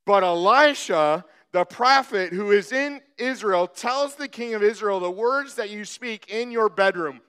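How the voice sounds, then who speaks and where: A man preaching a sermon, retelling a scripture story with animated, acted-out voices. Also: high-pitched, unhurried, few pauses, clear, resonant tone. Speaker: pastor.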